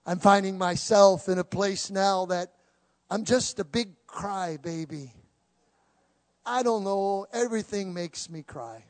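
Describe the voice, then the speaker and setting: A pastor preaching a sermon to a congregation at a church service, impassioned, swinging between loud declarations and hushed tones. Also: male voice, high-pitched, slow pace.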